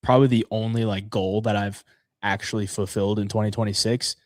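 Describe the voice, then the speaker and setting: A man's voice: on the low side, fairly even intonation, fairly quick, dry recording, clean studio sound. A man co-hosting a podcast, chatting casually in a laid-back, easygoing way. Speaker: podcast co-host. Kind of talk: casual betting show chat.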